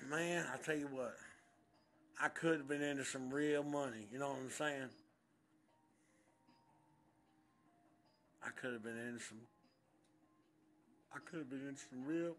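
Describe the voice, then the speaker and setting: A man playing a loud, excitable country bass fisherman, filming himself outdoors by the water with a handheld camera, drawling and boasting about his catches in a comic fishing vlog. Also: slight background noise. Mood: rueful. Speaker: angler showing his catches.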